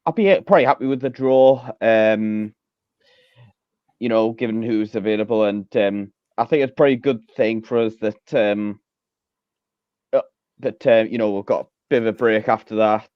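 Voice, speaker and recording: A man's voice: lowish voice, normal speed, clean tone, dry recording. Hesitant man on a muffled line. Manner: hesitant, many ums and uhs. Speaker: guest pundit. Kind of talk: casual chat.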